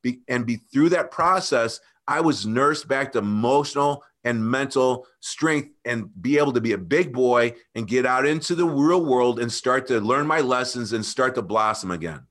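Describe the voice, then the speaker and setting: A man guest telling an emotional personal story, earnest and animated, often calling the host by name. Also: mid-range voice, moderate pace, hardly any pauses. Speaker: podcast guest.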